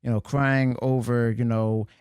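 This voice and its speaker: A rambling male host introducing a clip, tripping over his words and leaning on fillers. His voice is smooth and clear at a middle pitch, with a close, dry sound. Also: level tone, unhurried, a little mellow, dry recording. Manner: rambling, with many fillers and restarts. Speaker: commentary channel host. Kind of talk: reaction video intro.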